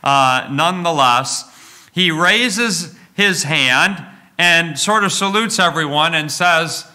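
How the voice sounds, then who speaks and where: Preacher, male, slightly raised pitch, bright cutting tone, animated storyteller who stumbles and restarts. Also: slow. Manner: animated, many fillers and restarts, asks the listeners questions. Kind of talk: storytelling sermon.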